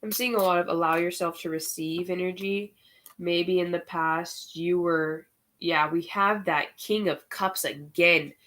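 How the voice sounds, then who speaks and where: Slow-talking, low-voiced woman tarot reader. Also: fairly even intonation, a bit bright, a little hiss or hum. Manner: chatty and candid, swears and uses slang freely; exclaims and gets worked up over the cards. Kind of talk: casual spiritual tarot reading.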